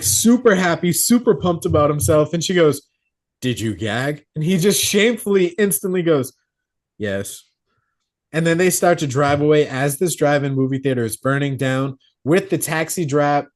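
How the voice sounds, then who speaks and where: A man co-hosting a horror podcast, retelling a film plot casually, swearing and acting out the characters' lines. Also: on the high side. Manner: swearing, animated retelling with quoted character voices. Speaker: podcast co-host. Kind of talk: casual movie recap. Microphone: podcast mic.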